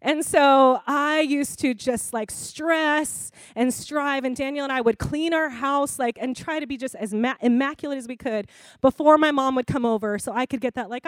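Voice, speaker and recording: High-voiced woman preaching casually. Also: normal speed, no room sound. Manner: conversational and expressive, laughs often. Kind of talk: sermon.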